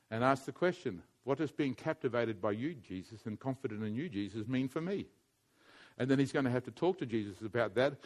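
A man preaching a sermon, swinging between quiet intimate passages and loud emphatic urging, often repeating his points. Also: mid-range voice. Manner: wide swings from hushed to loud, emphatic repetition.

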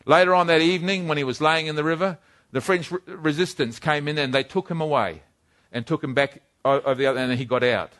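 A man's voice: fairly high pitch, fast talker, fairly bright tone. Earnest male preacher telling a story. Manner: earnest, building to fervent exhortation. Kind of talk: sermon storytelling.

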